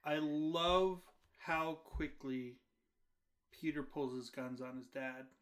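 A man with a fairly high voice co-hosts a relaxed movie podcast. He talks in an easygoing, halting way, often pausing with fillers as he sorts out his thoughts. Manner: easygoing, hesitant, full of fillers. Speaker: podcast co-host. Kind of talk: casual movie review chat.

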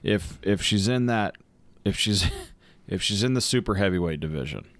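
Deep-voiced man in casual chat. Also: lively intonation, normal speed, no room sound. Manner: swears freely, rambling. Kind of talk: casual chat, eating on camera.

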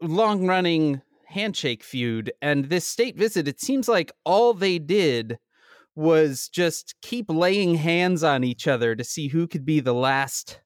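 A man's voice: a little high, expressive, slow pace, no room sound, studio quality. A man co-hosting a podcast, chatting casually and wryly, rambling with many restarts. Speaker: podcast co-host. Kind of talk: casual political chat.

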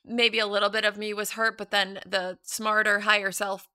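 A woman's voice: medium pitch, level tone, moderate pace, bright, forceful tone, clear, resonant tone, no echo, studio quality. A young woman telling a personal story as a guest in a casual chat. She laughs often and acts out what people said.

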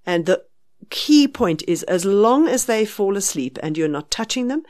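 A woman with a South African accent explaining children's sleep firmly and practically, sometimes dropping to a hush. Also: mid-range voice, very animated, normal speed. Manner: explains firmly, acts out soothing a baby in a hushed voice. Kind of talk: advice on a podcast.

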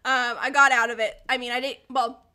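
A young woman in her twenties chatting casually, telling lively stories with laughs and quoted voices. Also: a little high, brisk. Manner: animated storytelling with laughter and acted quotes. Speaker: guest storyteller. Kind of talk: casual chat.

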